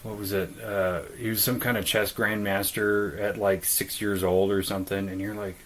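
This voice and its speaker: A man co-hosting a podcast in casual chat, blunt and profane, mocking people with quick put-on quotes. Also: fairly low pitch, level tone, fairly bright tone, poor audio. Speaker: podcast co-host.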